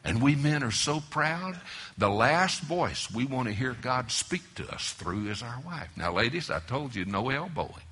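Animated preacher man, husky bright voice. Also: measured pace. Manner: animated storytelling, swinging between loud exclamations and low near-whispers. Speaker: preacher at a marriage conference. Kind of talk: sermon.

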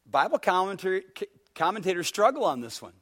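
A man's voice: high voice, very animated, quick pace, a bit bright. A man preaching a sermon as pastor, pressing his listeners with repeated rhetorical questions and acting out a story in quoted dialogue.

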